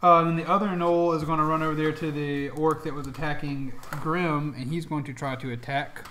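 A man's voice: on the high side, steady tone, fairly quick, reverberant, background noise. A man narrating a tabletop game as dungeon master, in a loose, chatty way with plenty of ums and laughs.

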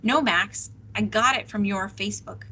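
A woman's voice: mid-range voice, moderate pace, pushed and bright, breathy edge, low-quality recording. A woman voicing a fierce, determined teenage girl who accuses her friends sharply, read aloud from a novel. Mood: cutting.

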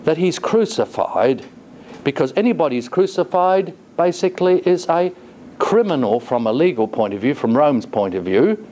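A man lecturing in a college classroom, his fairly high voice rising and falling with lots of expression. He pauses often and keeps asking the room questions, with a faint hiss underneath. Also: big pitch swings, dark tone. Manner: asks the class rhetorical questions; thoughtful, with frequent hesitations.

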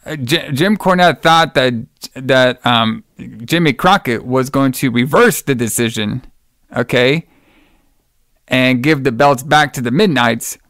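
Male podcast host, smooth clear voice, dry close sound, loose rambling chat full of swearing. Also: mid-range voice, a little slow, a bit bright, dry recording. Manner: rambling, laughing, swears freely.

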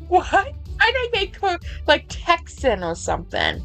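A woman's voice: extremely high pitch, huge pitch swings, a little slow, gravelly, few pauses, a bit bright, faint music behind, rough recording. A woman playing a game and commenting casually, joking and self-mocking. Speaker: game player. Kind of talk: casual let's play commentary.

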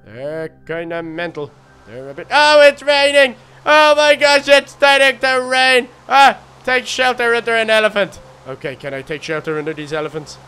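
A man voicing a silly, excitable male baby duck, rambling and talking to himself through a game role-play. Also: extremely high pitch, normal speed, smooth, soft background music, heavily acted. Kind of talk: Minecraft role-play narration.

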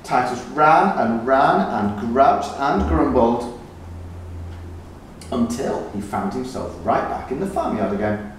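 A man reading a children's picture book aloud, slow and expressive. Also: mid-range voice, a little hiss or hum. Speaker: children's story reader. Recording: echoey room, distant mic.

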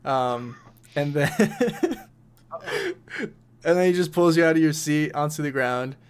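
A man's voice: fairly high pitch, very animated, slow pace, clear, resonant tone. A young man running a tabletop game as game master, casual and laughing often, swearing freely.

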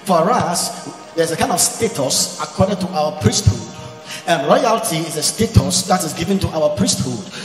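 A man preaching with passion, his slightly high voice rising and falling widely as he quotes scripture and breaks into shouts. He is heard in a large echoing hall with soft music behind him. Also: lively intonation, normal speed. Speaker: pastor. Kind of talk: sermon. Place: large church event hall. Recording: echoey hall recording.

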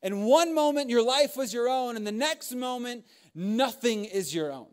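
Animated high-voiced man preaching with humor. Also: normal speed, clean tone. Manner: humorous storytelling with frequent laughs and asides. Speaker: young adults pastor. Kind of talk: sermon.

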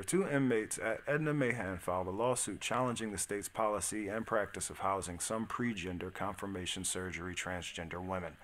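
A man's voice: low-pitched, a little fast, few pauses, a bit bright. A man hosting a live stream, reading news articles aloud and breaking off into blunt, slangy reactions. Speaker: streamer host. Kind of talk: casual live-stream commentary.

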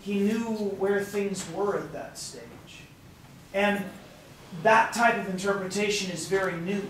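Hoarse man giving an impassioned tour. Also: sits high, fairly bright tone, slight background noise. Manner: impassioned, preachy and emphatic. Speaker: tour guide. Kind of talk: outdoor tour talk to a group. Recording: distant, echoey outdoor recording.

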